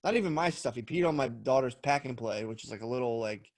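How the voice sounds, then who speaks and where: A man's voice: medium pitch, lively intonation, quick pace, no room sound, studio quality. Profane rambling man on a podcast. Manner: rambling, profane storytelling with acted-out outbursts. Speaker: podcast co-host. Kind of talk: casual chat.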